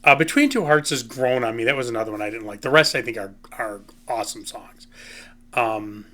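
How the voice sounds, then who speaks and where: A man's voice: medium pitch, expressive, a little fast, pushed and bright. A man hosting a casual music commentary, talking in a rambling, opinionated way and often saying "you know" and "um". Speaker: host.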